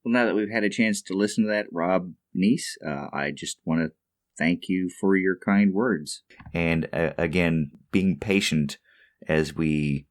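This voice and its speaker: Low-voiced man hosting a podcast. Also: unhurried. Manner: easygoing, with many "uh" fillers and chuckles. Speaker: podcast host. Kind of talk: casual podcast chat.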